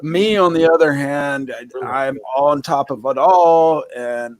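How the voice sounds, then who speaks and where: Man, host, blunt ranting, swears, slightly high voice, dry sound. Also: slow, no echo. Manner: blunt, profane, heated ranting. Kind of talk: casual chat.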